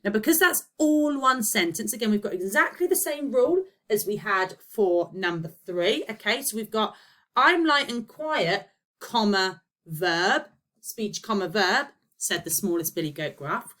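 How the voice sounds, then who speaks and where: A woman's voice: medium pitch, expressive, moderate pace, a bit bright. A woman teacher giving a recorded lesson, explaining step by step and checking in with her pupils. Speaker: primary school teacher.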